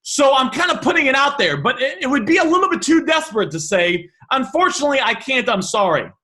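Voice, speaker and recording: A man teaching negotiation by walking through message examples, animated and thinking aloud with quick restarts. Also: extremely high pitch. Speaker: negotiation coach.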